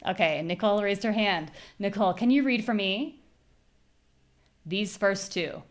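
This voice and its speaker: A young American woman teaching a live online pronunciation class, clearly drilling syllables and explaining word stress. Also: mid-range voice. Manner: clear, demonstrative, repeats syllables slowly for drills.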